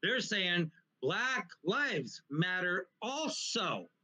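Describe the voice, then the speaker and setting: A man hosting a casual talk show, explaining points in an animated, lecturing way with frequent restarts. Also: sits high, drawn-out words, breathy edge, poor audio. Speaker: podcast host. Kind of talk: casual conversation.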